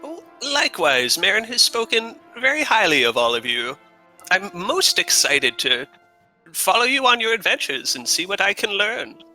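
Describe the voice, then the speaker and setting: An eager, bubbly gnome tinkerer , as a man puts him on during a tabletop game, his voice jumping far above the player's own into bright, sharp exclamations. He gushes with curiosity, and faint music plays underneath. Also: very animated, moderate pace, full character voice. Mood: cheerful. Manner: chirpy, effusive, high-pitched exclamations. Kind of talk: tabletop role-play.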